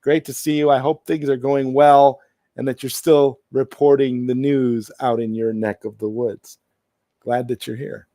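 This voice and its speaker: A man's voice: medium pitch, little pitch movement, measured pace, dark tone, dry recording, studio quality. A man hosting a casual live stream, rambling through his points with many restarts and greeting viewers in the chat.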